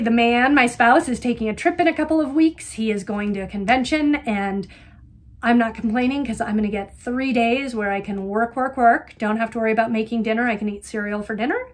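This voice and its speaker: A middle-aged woman talks casually on her knitting podcast. Her voice sits a little high, and she rambles from one everyday topic to the next with plenty of ums and dry little asides. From Colorado, USA. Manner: chatty, rambling, lots of ums, wry asides. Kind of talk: casual chat.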